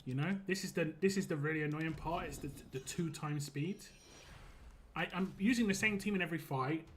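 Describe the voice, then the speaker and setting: Young male game streamer, rambling live chat, slightly high voice, faint background noise. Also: brisk. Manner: chatty and rambling, laughs easily.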